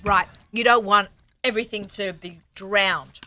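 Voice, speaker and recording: A woman hosting a talk show in a studio, excitable and eager, exclaiming often. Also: medium pitch, measured pace. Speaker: show host. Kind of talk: casual talk show chat. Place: radio studio.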